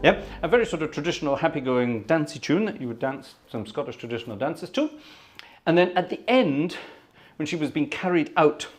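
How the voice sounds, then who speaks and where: A man's voice: on the high side, big pitch swings, a little fast, soft background music. Chatty male organist telling stories. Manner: chatty, anecdotal, thanks viewers by name. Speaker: organist and livestream host. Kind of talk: casual chat. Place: at home.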